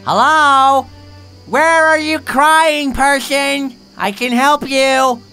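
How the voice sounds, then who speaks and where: A man voicing a friendly, goofy male sea monster who shouts eagerly in a game machinima. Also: very high voice, fairly even intonation, drawn-out words, faint music behind, voice pushed up, heavily acted. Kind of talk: game machinima role-play.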